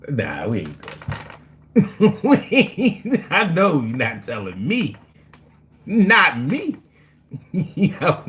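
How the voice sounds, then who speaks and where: Animated joking New man. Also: lowish voice. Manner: loose, joking, slangy, laughs often. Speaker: live stream host reading chat. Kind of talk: casual live chat.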